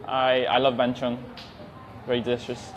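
A man's voice: medium pitch, monotone, a little hiss or hum. A man in his twenties with an English accent, an English teacher reading out viewer questions in a live-stream Q&A and answering with many ums. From England. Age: 20s. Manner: hesitant, with many ums, speaks slowly and carefully. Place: language school.

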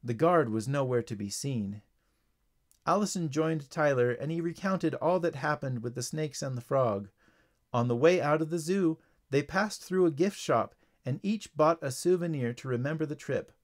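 A man reading a children's story aloud as narrator, clear and even. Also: on the high side, normal speed.

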